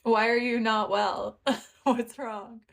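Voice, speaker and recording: A woman's voice: fairly high pitch, level tone, slow, vocal fry. A young woman from Canada hosting a livestream, telling a story with lots of giggling and thanking viewers between lines. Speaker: livestream host. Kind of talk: casual livestream chat.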